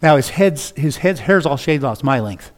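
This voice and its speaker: A man preaching a sermon as a pastor, telling stories with lively acted-out dialogue. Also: medium pitch, moderate pace. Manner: animated, acts out dialogue in his stories. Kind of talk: storytelling sermon. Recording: long reverb of a large hall.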